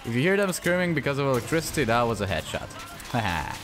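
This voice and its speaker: Excitable swearing man playing a game. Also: mid-range voice, quick pace. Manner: excitable, swearing, yelling at enemies. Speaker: gaming channel host. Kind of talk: let's play commentary.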